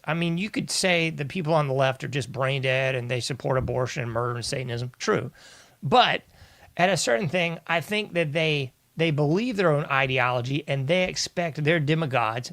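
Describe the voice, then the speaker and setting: A man hosting a political commentary show, ranting in an exasperated tone and calling his listeners "folks". His voice sits fairly high, and the sound is dry and close. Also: no echo. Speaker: host.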